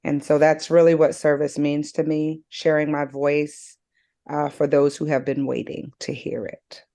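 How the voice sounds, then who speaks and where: A woman with a notably low voice speaks slowly and deliberately over a video call. She shares earnest, emphatic reflections, stressing her key words. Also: level tone, dark tone. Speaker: game participant. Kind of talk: reflective personal sharing.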